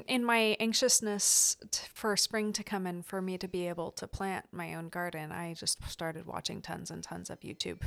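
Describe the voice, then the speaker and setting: A woman with a fairly low, creaky voice and a fairly bright tone chats as a guest on a gardening podcast. She sounds enthusiastic and casual, using fillers and restarts.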